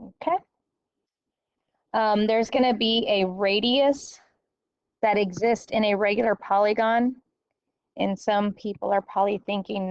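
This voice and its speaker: A woman teacher explaining a math lesson step by step, often pausing to check with "okay?". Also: medium pitch, fairly even intonation, clear, resonant tone, dry recording, highs cut off. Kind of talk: recorded classroom lecture.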